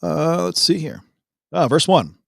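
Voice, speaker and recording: A man co-hosting a devotional show, reading a Bible passage and joking around in a relaxed, casual chat. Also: on the high side, unhurried, gravelly, dry recording, clean studio sound. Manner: laid-back, jokey, laughs often.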